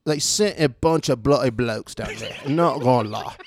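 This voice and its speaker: A man's voice: mid-range voice, moderate pace, a little hiss or hum, voice pushed down, natural voice. A man putting on a to play a chummy, boozy pub bloke who rambles and stumbles over his words. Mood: jovial.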